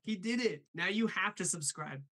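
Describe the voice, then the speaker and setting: A man hosting a casual live stream, animated and reading chat messages aloud. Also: sits high, moderate pace, noisy background. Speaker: host of a live stream show.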